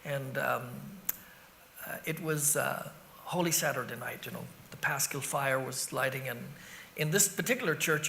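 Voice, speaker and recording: A middle-aged Irish man, a rock singer being interviewed, telling animated stories that wander off on tangents and act out scenes with sound effects. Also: mid-range voice, slight background noise. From Ireland. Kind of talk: anecdotal interview storytelling.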